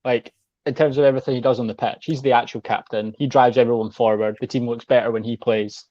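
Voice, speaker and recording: A man's voice: medium pitch, fairly even intonation, fast talker, no room sound, lo-fi sound. A man talking football as a guest, rambling and saying "like" a lot. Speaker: guest pundit. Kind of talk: casual chat.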